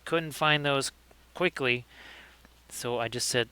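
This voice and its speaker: A man's voice: medium pitch, slow, pauses often, bright, forceful tone, smooth. A man hosting a livestream, chatting casually and joking as he talks through painting his miniatures. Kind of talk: casual live commentary.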